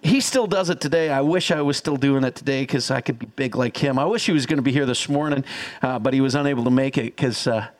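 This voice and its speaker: A man preaching a sermon as pastor, energetic and teaching, calling on the congregation to repeat after him. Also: medium pitch, fast. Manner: energetic, teaching, audience call-and-response.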